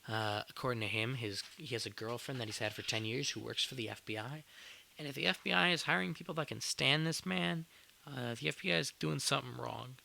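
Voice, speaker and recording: Gravelly, bright-voiced young man rambling. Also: mid-range voice, fairly quick, a little hiss or hum. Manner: rambling, exasperated, swears casually. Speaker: podcast host. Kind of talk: casual storytelling.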